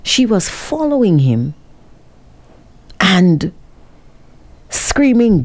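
A woman vlogger telling her viewers a dramatic story, with an animated, expressive delivery. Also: sits low, measured pace, pauses often. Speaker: vlogger working with a cameraman.

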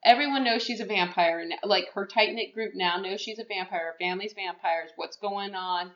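A woman casually recapping a movie plot on a podcast, animated and laughing often as she acts out lines. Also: medium pitch, moderate pace. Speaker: podcast co-host. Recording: dull echoey room recording.

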